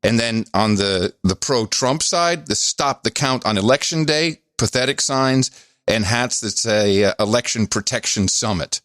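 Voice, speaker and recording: A man's voice: mid-range voice, unhurried, dry recording, studio quality. A man co-hosting a podcast in casual political chat, teasing and sarcastic as he tells his stories. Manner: teasing, sarcastic, animated storytelling. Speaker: podcast co-host.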